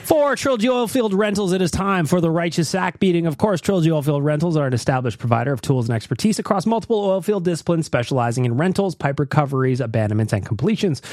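A North American man hosts a casual podcast, animated and theatrical with a lively, swinging delivery. His voice sits a little high and sounds dry and close. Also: fast, few pauses, dry recording. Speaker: podcast host.

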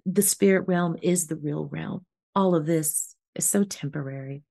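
A woman's voice: low voice, normal speed, gravelly, mellow. A woman co-hosting a casual spiritual podcast chat, talking in an earnest, rambling way with lots of fillers. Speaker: podcast co-host.

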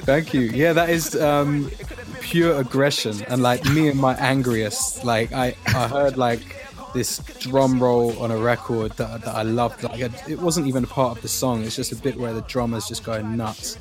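A man, a music producer, talking in a relaxed, rambling way with many ums during a casual interview. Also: mid-range voice, normal speed.

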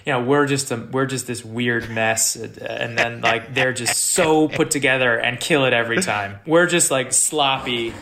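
A man who is a guest actor, talking casually and halting often as he searches for words. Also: mid-range voice, creaky, bright, forceful tone, slight background noise. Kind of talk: casual conversation. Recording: roomy echo.

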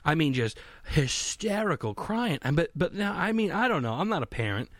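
A man's voice: a little high, big pitch swings, moderate pace, no echo. A young man in a casual solo monologue from a home basement, rambling, swearing and mocking himself.

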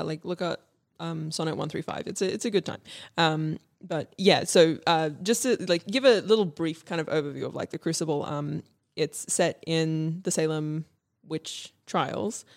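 Young woman podcast host, low-pitched and gravelly, hesitant and rambling. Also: normal speed. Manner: hesitant, many ums and restarts. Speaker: podcast co-host presenting history. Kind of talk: casual history podcast chat.

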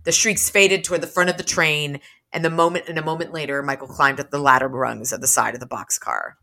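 A podcast co-host walks listeners through a novel's chapters, mixing casual summary with read-aloud passages. Her voice is bright and forceful and sits low for a woman. She gives each quoted character a light shift in delivery rather than full acting. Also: steady tone, fairly quick, creaky.

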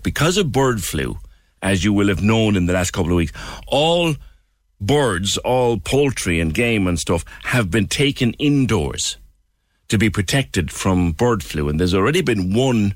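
Lively, chatty Irish radio host. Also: male voice, fairly low pitch, no room sound. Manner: chatty, playful, jumps between topics. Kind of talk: casual radio chat.

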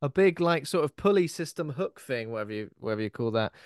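A man's voice: medium pitch, lively intonation, quick pace, dry recording, clean studio sound. A man co-hosting a podcast in casual chat, swearing freely and slipping into mocking voices. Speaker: podcast co-host.

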